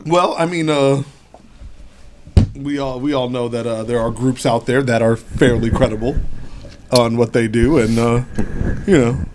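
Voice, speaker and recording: A man's voice: mid-range voice, fairly even intonation, unhurried, long pauses, background noise. A man co-hosting a casual talk show, full of wisecracks and crude humor. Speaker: co-host. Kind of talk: casual podcast chat.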